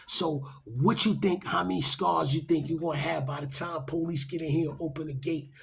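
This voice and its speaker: A man's voice: fairly high pitch, normal speed, vocal fry, a little hiss or hum. A middle-aged man, telling a story in casual street talk and acting out the quotes. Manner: animated, acts out quotes, rising loud when excited.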